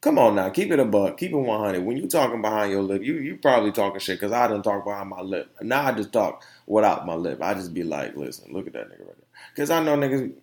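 Lively, slangy male podcast host. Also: lowish voice, fast talker, hardly any pauses. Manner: animated storytelling with loose slang and laughs. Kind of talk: casual opinion monologue.

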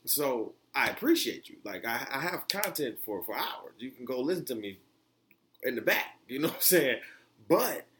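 A man's voice: normal speed, a little hiss or hum. Male solo podcast host from the US, loose and rambling, full of restarts, with a voice that leaps upward when he gets fired up. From United States. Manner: rambling, animated, many fillers and restarts, voice jumps high when excited. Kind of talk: casual solo podcast monologue.

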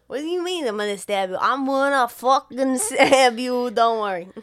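A woman's voice: medium pitch, big pitch swings, fast talker, a little mellow, natural voice. A woman voicing a menacing man who threatens to stab someone, with mocking bravado. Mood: mock threatening.

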